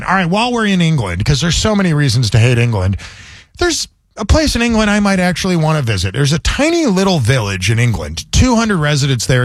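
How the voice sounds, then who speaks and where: A man's voice: on the high side, huge pitch swings, fairly quick, no echo, studio quality. A man hosting a comedy talk show, ranting in a sardonic, joking way in casual chat. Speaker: comedy podcast host.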